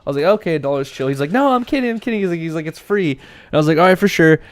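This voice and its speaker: A man's voice: a little high, racing, dry recording. A young man telling stories in casual podcast chat, with lots of slang and acted-out quotes. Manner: animated storytelling, acting out quotes. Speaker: podcast co-host.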